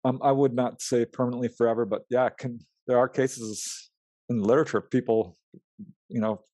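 A man with a medium-pitched voice talks a little fast on a dry, echo-free recording. He is a UFO researcher and writer, a guest in an interview, animatedly telling his experiences and acting out quoted dialogue with laughs.

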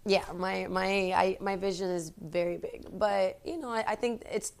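A woman's voice: mid-range voice, moderate pace, vocal fry. Chatty young woman full of fillers. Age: 20s. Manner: rambling, full of "like" and "you know". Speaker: guest, actress. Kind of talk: casual interview chat.

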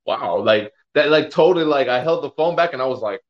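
A man in casual conversation who retells a clip he watched in an animated way, acting out the people in it. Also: fairly high pitch, fast, muffled recording. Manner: animated storyteller, retells scenes with quoted voices.

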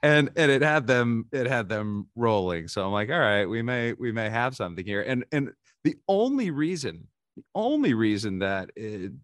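Man, forties, low voice, dry close sound, candid, self-deprecating, restarts sentences, podcast guest. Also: big pitch swings, moderate pace, no echo. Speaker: podcast guest, baseball insider. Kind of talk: casual interview storytelling.

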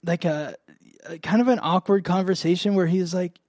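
A man with a slightly high voice chats casually, rambling through a story with constant fillers and easy laughs. The recording is dry and close, with no room sound. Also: a little fast, a little mellow, no room sound. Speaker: astrology podcast host.

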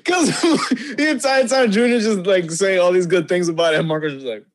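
A man's voice: high-pitched, fairly quick. A man co-hosting a podcast in casual chat, mostly giving short, laid-back reactions. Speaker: podcast co-host.

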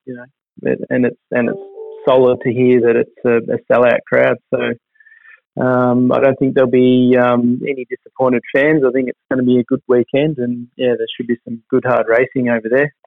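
A man's voice: mid-range voice, little pitch movement, creaky, no room sound. A man, a racing team manager giving hesitant, upbeat interview answers full of fillers. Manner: hesitant, many fillers and restarts; upbeat, measured. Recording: dry, phone-like line.

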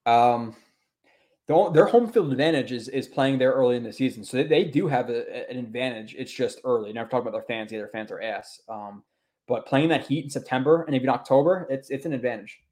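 A young man hosts a relaxed sports show in a mid-pitched voice. He talks loosely and swears freely, circling back and restarting his sentences as he reacts to chat. His voice sits right in the middle of the male range. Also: brisk. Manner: loose, profane, rambling with restarts. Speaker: podcast host. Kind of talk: casual sports podcast chat, reading chat comments.

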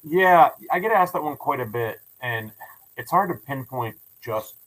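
Speaking at a measured pace with a medium-pitched voice, a man who owns a building and runs ghost tours spins animated tales in a relaxed podcast interview, frequently starting over. The recording is rough.

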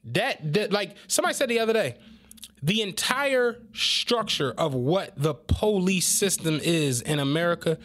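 Give a fairly high-voiced man co-hosting a podcast, animated storyteller, loose conversational delivery, casual chat. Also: moderate pace. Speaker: podcast co-host.

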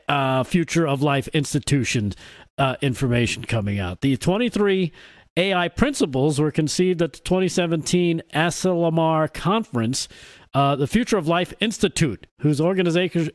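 A man's voice: fairly high pitch, lively intonation, normal speed, dry recording. A man co-hosting a talk show, joking and reading news aloud with lots of fillers. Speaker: co-host. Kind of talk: casual talk show chat.

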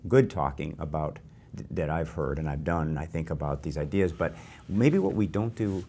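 An older man hosting a conversation, telling animated, self-deprecating anecdotes. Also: extremely low pitch, moderate pace, breathy edge. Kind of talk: conversational interview.

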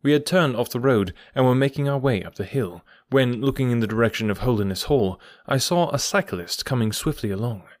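A man reading an audiobook in measured storytelling narration. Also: medium pitch, lively intonation, no room sound, clean studio sound. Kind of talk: scripted narration.

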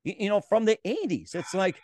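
A man's voice: sits high, very animated, brisk, darkish tone, no echo. A male host interviewing a guest and reacting to his story. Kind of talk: interview hosting.

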